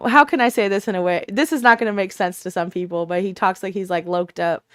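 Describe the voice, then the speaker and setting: A woman co-hosting a casual chat, telling animated stories and laughing often. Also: medium pitch, quick pace, no room sound, clean studio sound. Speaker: podcast co-host. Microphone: remote call mic.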